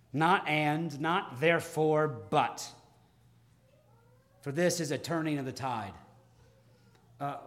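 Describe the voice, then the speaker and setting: Preaching slowly and dramatically, a male pastor pauses a lot and moves back and forth between loud emphasis and near-whispers. His voice leans high.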